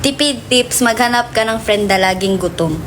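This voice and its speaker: A young Filipino woman with a fairly high voice chats with her livestream audience. She rambles playfully, breaks into asides and talks straight to the viewers. A steady hiss of background noise sits under her voice. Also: brisk. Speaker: livestream host. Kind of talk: casual livestream chat.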